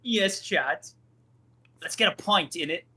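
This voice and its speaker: A man's voice: sits high, lively intonation, takes it slowly, sharp tone, husky, exaggerated voice. A man putting on an exaggerated fake British accent, playing a crude, cheeky bloke with overdone slang. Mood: cheeky mock.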